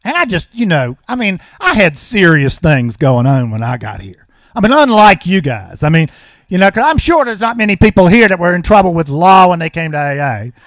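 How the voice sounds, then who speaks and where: A man's voice: high-pitched, big pitch swings, brisk, a bit bright, dry recording, studio quality. A man, telling a personal recovery story at a meeting with folksy, wry humor.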